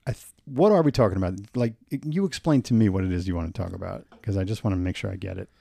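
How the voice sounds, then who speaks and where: A man co-hosting a casual chat, laid back and quick to laugh along. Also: low-pitched, creaky, mellow, dry recording. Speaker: podcast co-host.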